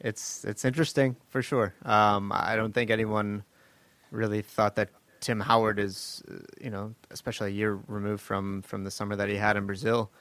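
Low-voiced man hosting a casual chat. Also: flat delivery, moderate pace, a bit bright, no echo. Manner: loose, laughing storyteller with many fillers. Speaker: podcast host.

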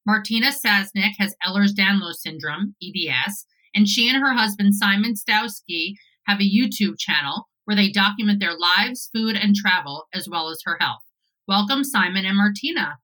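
A woman's voice: mid-range voice, normal speed, sharp tone, low-quality recording. A woman hosting a podcast, introducing guests and asking questions in an upbeat, welcoming way. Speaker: podcast host. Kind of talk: podcast interview.

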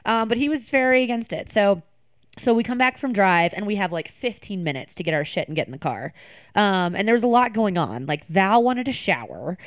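A young woman telling a story in casual chat, animated and full of filler words. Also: medium pitch, brisk, no echo. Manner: animated, chatty, many "like" fillers.

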